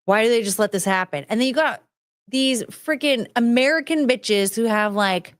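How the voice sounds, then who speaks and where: A woman's voice: on the high side, normal speed, no echo, studio quality. A woman hosting a podcast in casual chat, ranting, rambling and swearing freely. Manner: rambling, loses her train of thought. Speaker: podcast host.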